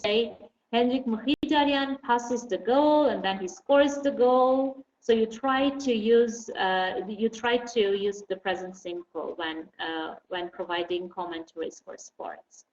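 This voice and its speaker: A woman teaching English at an unhurried, careful pace, stopping often to fill gaps with "um" and "uh". Her voice comes through a dull, roomy recording with faint noise behind it. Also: fairly high pitch, a little mellow. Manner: patient, explains slowly with many fillers. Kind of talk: online class lesson.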